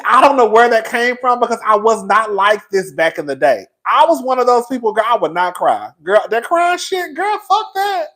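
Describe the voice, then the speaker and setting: Sassy, profane vlogger. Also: male voice, very high voice, big pitch swings, normal speed, few pauses. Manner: loud, sassy, profane, laughs a lot. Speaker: YouTube commentary host. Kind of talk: casual storytelling vlog.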